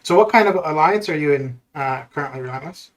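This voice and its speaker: Chatty streamer man, slightly high voice. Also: expressive, fast talker. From Canada. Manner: rambling, laughs often, many restarts. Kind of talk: casual chat. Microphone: voice chat over Discord.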